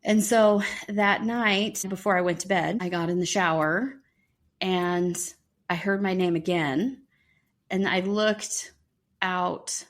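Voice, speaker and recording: Middle-aged woman on a podcast telling a spooky family story, casual, plays out the quotes. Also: lowish voice. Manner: animated, acts out quoted voices. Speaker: podcast co-host.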